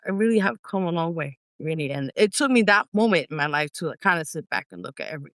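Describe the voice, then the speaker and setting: A middle-aged woman, an independent singer telling stories in an animated way as an interview guest, acting out her own past reactions. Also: low voice, fast, dry recording. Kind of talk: casual interview storytelling.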